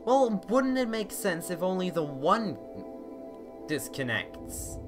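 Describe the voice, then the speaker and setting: A young man giving casual let's-play commentary, swearing often and bursting out excitedly between mumbled asides. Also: sits high, slow, over music. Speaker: gameplay video host.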